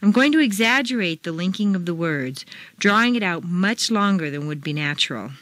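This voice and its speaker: A woman with an American accent reads a pronunciation lesson, taking her time and enunciating every word with care. Her voice is fairly low and swings through a lively pitch range. The sound is dry and close, with no room echo. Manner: deliberate, clearly enunciated drill delivery. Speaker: pronunciation teacher. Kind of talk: scripted language lesson audio.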